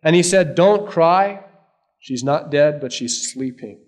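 A man preaching a sermon, swinging between loud emphasis and hushed asides. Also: on the high side, normal speed. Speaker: pastor.

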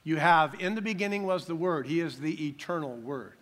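An older man preaching a sermon as pastor, emphatic, slowing down to stress key words. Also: on the high side, animated, fairly bright tone.

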